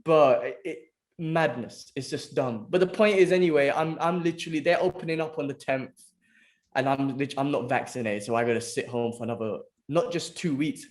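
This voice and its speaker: Brisk and medium-pitched, a man co-hosts a podcast, casually chatting with a friend. He's animated in his storytelling, swears offhandedly, and keeps dropping "bro" every few lines.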